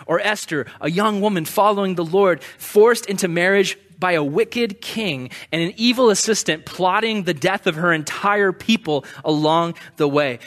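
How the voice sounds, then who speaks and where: A male preacher with a notably high voice delivers a relaxed, conversational sermon. He is animated and playful, slipping into the voices of the people he talks about. His delivery stays chatty and lively. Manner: animated, acts out quoted voices.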